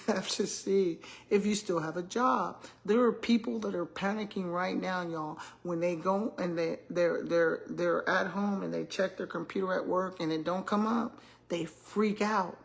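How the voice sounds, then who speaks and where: A woman's voice: medium pitch, gravelly. An older woman, chatting casually to her viewers, telling stories with lots of laughter. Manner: animated storytelling, laughs often, addresses viewers as y'all. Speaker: retired school principal vlogger.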